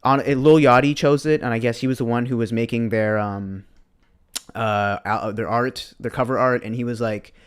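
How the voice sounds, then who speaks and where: A man's voice: mid-range voice, fairly even intonation, normal speed, clean tone. A young man co-hosting a podcast livestream, chatting casually with laid-back slang and answering viewers' chat. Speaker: podcast co-host.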